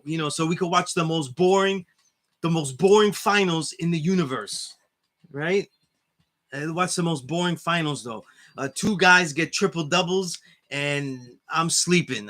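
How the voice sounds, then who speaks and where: A man from the New York area, with the accent to match, hosts a casual live class, reading viewers' comments and chatting loosely with them. He rambles and keeps saying "you know what I'm saying," in a voice that's on the high side, bright, and forceful.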